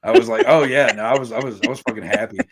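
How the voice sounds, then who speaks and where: A rambling low-voiced man. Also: steady tone, racing, breathy edge. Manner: rambling, profane, self-mocking. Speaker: podcast guest, musician. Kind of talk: casual podcast chat.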